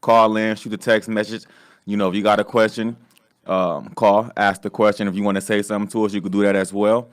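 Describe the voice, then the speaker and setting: Laid-back low-voiced male podcast host. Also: little pitch movement, brisk, no echo, clean studio sound. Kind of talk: casual comedic chat.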